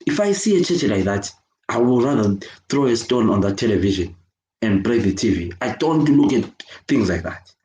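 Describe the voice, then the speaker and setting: A man's voice: lowish voice, big pitch swings, normal speed, warm tone. Angry Zimbabwean man in an echoey room. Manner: angry, emphatic, repetitive, switching between English and Shona. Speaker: children's worker speaking out. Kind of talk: impassioned video rant.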